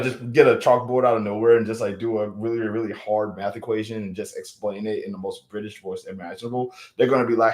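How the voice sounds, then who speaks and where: A man's voice: lowish voice, steady tone, fast talker, few pauses, a little mellow. A man chatting casually on a live stream, rambling with many fillers and restarts. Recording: roomy echo.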